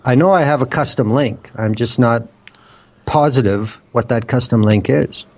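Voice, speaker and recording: A man's voice: mid-range voice, moderate pace, a little mellow, muffled recording. A man from Canada, co-hosting a radio chat show in a blunt, sardonic way and swearing freely. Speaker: radio co-host.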